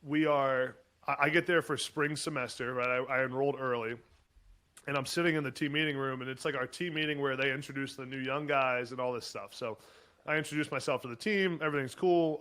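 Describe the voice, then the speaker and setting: A man in his twenties, a podcast guest telling animated, chatty stories about his football days. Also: medium pitch. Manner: animated, chatty, lots of fillers and laughs. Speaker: podcast guest, former college football player. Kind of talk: casual storytelling chat.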